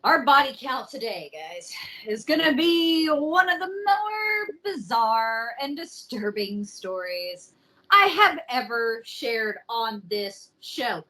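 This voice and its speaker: A woman's voice: a little high, big pitch swings, pushed and bright, low-quality recording. A woman hosting a podcast, telling a true story in a casual, joking way with some swearing. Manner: slow, joking, swears freely.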